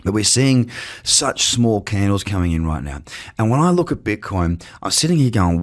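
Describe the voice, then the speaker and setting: A man's voice: low-pitched, expressive, brisk. A man hosting a crypto show, talking casually and chattily to camera from his office, with jokey asides. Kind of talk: casual market commentary to camera. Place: home office with screens. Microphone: webcam setup.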